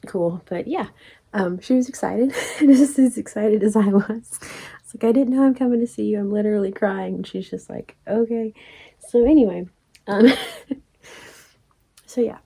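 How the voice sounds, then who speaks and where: A woman, telling a rambling story in a casual vlog, laughing often and dropping into soft asides. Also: medium pitch, vocal fry, slightly rough. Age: 40s. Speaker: crochet vlogger.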